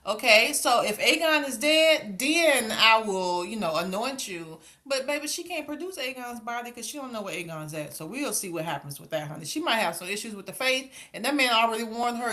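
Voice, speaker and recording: Woman, TV reviewer, sassy chatty recap, slightly high voice, bright forceful tone. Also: big pitch swings, moderate pace. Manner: sassy, chatty, full of endearments; acts out characters with exaggerated voices. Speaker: TV show reviewer.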